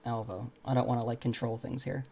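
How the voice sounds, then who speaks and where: A man's voice: mid-range voice, flat delivery, a little fast, creaky, mellow, husky. Hesitant man player at a tabletop game. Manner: hesitant, lots of fillers. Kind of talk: casual tabletop game talk.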